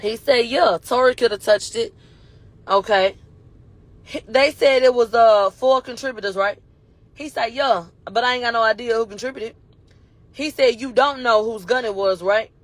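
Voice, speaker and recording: Woman with a high voice ranting through court recap, cussing, close dry mic. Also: moderate pace, dry recording. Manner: animated retelling with profanity and acted-out quotes. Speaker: commentary host. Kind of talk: casual commentary recapping court testimony.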